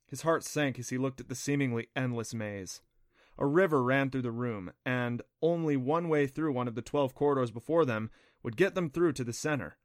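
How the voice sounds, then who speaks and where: A man reads a children's adventure audiobook in a steady, plain storytelling voice. His pitch sits in an everyday middle range. The recording is close and dry with no room sound. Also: moderate pace, no echo. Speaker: audiobook narrator. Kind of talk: audiobook narration.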